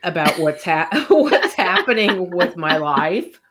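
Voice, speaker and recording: A woman's voice: on the low side, very animated, slow, over a noisy crowd. A middle-aged woman co-hosting a podcast with her daughter, talking candidly and emotionally and laughing often. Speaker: podcast co-host, mother. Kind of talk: casual chat.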